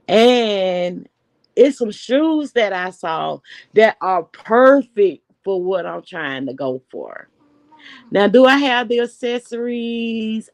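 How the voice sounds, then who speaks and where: Woman, 40s, AAVE, slow chatty live-stream host; low pitch, dry close recording. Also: no room sound. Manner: chatty, unhurried, talks straight to viewers. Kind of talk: casual live-stream chat.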